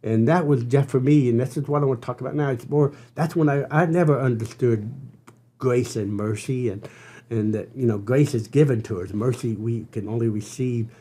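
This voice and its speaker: A man's voice: medium pitch, warm tone. Older man telling an earnest personal story. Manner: earnest, halting, full of restarts. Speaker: podcast guest. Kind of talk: storytelling interview.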